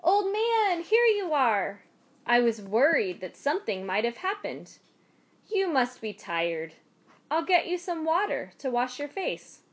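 A woman's voice: high-pitched, very animated, a little slow. A woman storyteller voicing a fussing, worried old wife. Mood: caring. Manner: fussing, fretful.

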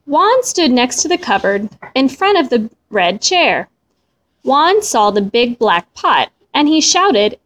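A woman reading a children's storybook aloud in a slow, expressive way. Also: high-pitched.

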